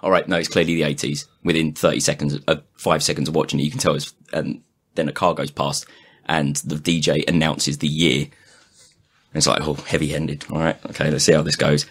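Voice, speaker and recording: Low-voiced man, loose sweary podcast host who rambles. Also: flat delivery, brisk, fairly bright tone, slightly rough. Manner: rambling, sweary, laughs often. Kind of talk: casual chat.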